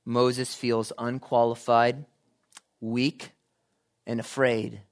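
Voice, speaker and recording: Animated man preaching a sermon. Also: medium pitch, drawn-out words. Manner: animated, builds from quiet to loud emphasis.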